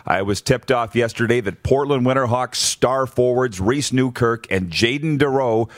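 A man's voice: mid-range voice, normal speed, no echo. Male sports talk host, opinionated, works through his points bluntly; dry booth sound. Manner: blunt, numbered-point rundown with frequent restarts.

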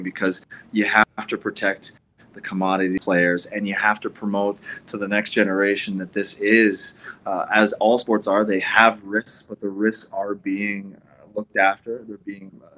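A man's voice: on the low side, bright, forceful tone, a little hiss or hum, poor audio. A man speaking as a guest on a sports radio show, rambling with many fillers and restarts. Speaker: guest, league ambassador. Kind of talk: casual radio interview.

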